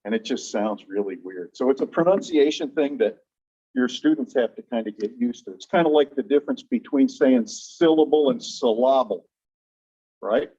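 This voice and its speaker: Relaxed male teacher, mellow lo-fi voice. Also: mid-range voice, breathy edge. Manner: relaxed, explanatory, demonstrates sounds slowly. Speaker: English-teaching instructor. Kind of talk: classroom lecture. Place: classroom. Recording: dull lo-fi classroom recording.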